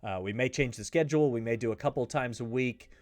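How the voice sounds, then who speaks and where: Talking fast in a medium-pitched voice, a man hosts his own sports betting show and discusses picks casually, driving points home by repeating them. The recording is dry and studio quality.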